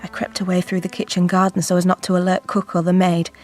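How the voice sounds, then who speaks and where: An actress playing a grieving Victorian mother reading from her diary in a formal, measured way. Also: on the low side, monotone, darkish tone, soft background music, lightly acted. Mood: resolute. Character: grieving Victorian mother, diarist, bereaved and withdrawn. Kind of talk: radio drama acting.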